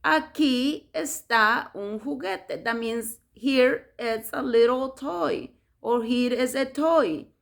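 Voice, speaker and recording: A woman gives a casual lesson. Her voice sits a little high with a gravelly edge. She talks slowly and repeats each word in a sing-song tone as if to a baby. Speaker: Spanish teacher.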